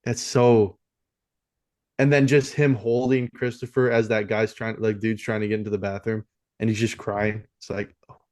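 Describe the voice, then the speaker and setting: A man's voice: fairly low pitch, little pitch movement, normal speed, a little mellow. A man co-hosting a film podcast, talking casually and rambling with many fillers and restarts. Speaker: podcast co-host.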